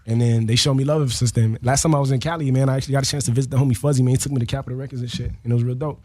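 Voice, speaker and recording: A rapper telling a story in an interview, animated and full of slang. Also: male voice, medium pitch, racing. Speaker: rapper guest.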